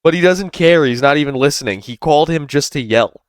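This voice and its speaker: A streamer reacting to a call recording with animated, amused commentary, close to the mic. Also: male voice, fairly high pitch, brisk, clear, resonant tone, no room sound.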